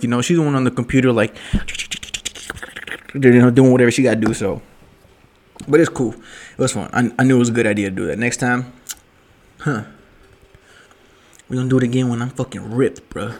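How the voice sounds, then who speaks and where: A man's voice: mid-range voice, fairly quick, long pauses, darkish tone. Profane, rambling young man with slang. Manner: rambling, profane, joking slang with 'yo' and 'bruh'. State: drinking at night. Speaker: vlogger. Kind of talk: casual late-night storytelling.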